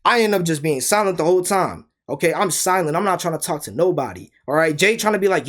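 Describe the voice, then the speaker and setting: A man's voice: on the high side, animated, quick pace, few pauses, fairly bright tone. Heated young man ranting through a storytime. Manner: heated, emphatic, repeats himself, asks rhetorical questions. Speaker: storyteller vlogger. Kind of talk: casual storytime rant.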